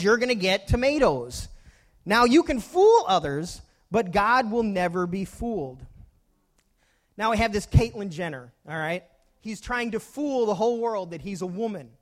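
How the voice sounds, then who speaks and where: A pastor delivering a sermon from the pulpit. He is a man with a very high voice, and he works homely stories and direct questions to his listeners into his preaching.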